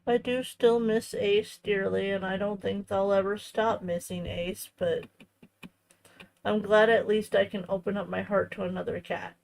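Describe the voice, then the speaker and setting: Slow-spoken woman with vocal fry. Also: mid-range voice, steady tone, darkish tone, poor audio. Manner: tender, reflective storytelling; halting, with many restarts. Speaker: crafting channel host. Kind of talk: casual chat while crafting.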